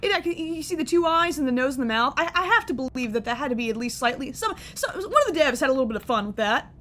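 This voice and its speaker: A woman's voice: sits high, lively intonation, pushed and bright. Giggly, rambling young woman gamer. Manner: goofy, rambling, quick to laugh. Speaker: gaming streamer. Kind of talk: let's-play commentary.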